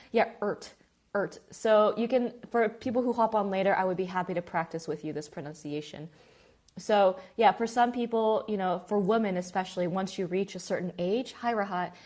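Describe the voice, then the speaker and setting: Teaching English in a live online session, a woman with a medium-pitched voice stays chatty and lively, welcoming students by name as they log on.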